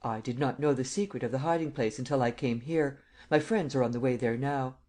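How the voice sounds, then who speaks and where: A man voicing a confident gentleman thief who answers gravely and with quiet assurance, in an audiobook. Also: mid-range voice, brisk, close to an everyday voice. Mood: poised. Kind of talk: audiobook character reading.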